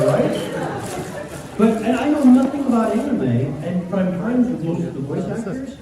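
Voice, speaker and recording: Animated man telling stories in an echoey hall. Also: high-pitched, normal speed, a crowd in the background. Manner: animated, acts out voices in his stories. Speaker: convention panelist. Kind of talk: comic storytelling to a crowd. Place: large convention panel room. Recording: echoey hall, distant mic, room noise.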